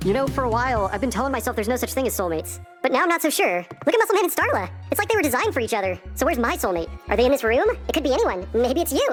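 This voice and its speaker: A man's voice: very high-pitched, very animated, racing, few pauses, a bit bright, full character voice. An awkward rambling young guy. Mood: nervous earnest. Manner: rambling, hesitant, nervous. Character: awkward lovesick young man making a toast. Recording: cartoon clip with music.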